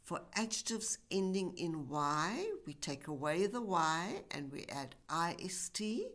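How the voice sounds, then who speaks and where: A woman's voice: lowish voice, lively intonation, a little slow, fairly bright tone. A woman teaching English grammar in a recorded lesson, speaking carefully and stretching out example words. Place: university e-learning course.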